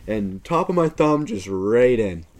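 A man's voice: fairly low pitch, expressive, unhurried, a little mellow. A young man on a podcast, telling a story in casual chat and laughing often. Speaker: podcast co-host.

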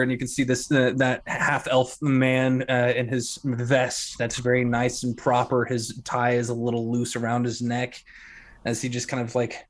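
A man's voice: medium pitch, monotone, moderate pace. A man narrating as game master of a tabletop game, in a loose, chatty way with lots of fillers.

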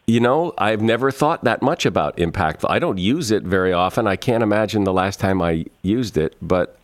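A man hosting a conversation, easygoing and good-humored but stubborn in his opinions. His voice sits on the low side, and he chuckles as he pushes back. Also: expressive, normal speed, hardly any pauses. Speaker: podcast host. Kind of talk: casual chat.

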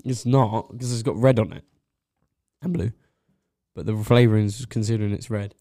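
A man's voice: fairly low pitch, fairly even intonation, normal speed, dark tone, no echo, studio quality. A young man co-hosting a podcast, chatting in a giggly, teasing way. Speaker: podcast co-host. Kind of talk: casual chat.

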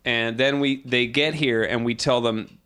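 A man's voice: medium pitch, fairly even intonation, a little slow, bright, forceful tone, slight background noise. A man co-hosting a casual podcast chat, telling stories in a dry, joking way. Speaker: podcast co-host.

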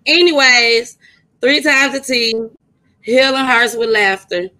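Loud, animated woman podcast host. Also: on the high side, slow pace, low-quality recording. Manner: loud, animated, swears freely, laughs. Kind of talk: casual chat and storytelling.

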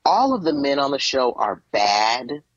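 A man co-hosting a podcast, rambling through a casual, animated retelling and slipping into mocking quoted voices. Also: medium pitch, a little slow, no room sound, dull audio. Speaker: podcast co-host. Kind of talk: casual chat.

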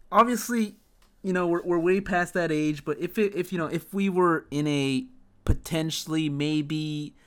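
A man on a casual podcast chat, talking thoughtfully and hesitantly, with many "you know"s and restarts. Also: a little high. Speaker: podcast co-host.

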